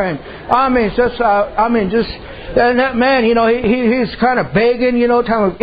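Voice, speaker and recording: A man with a very high-pitched voice talks fairly quickly, preaching a sermon like a folksy storyteller. He keeps dropping in "amen" and "I said," and his speech leans on dialect. The recording sounds dull and lo-fi.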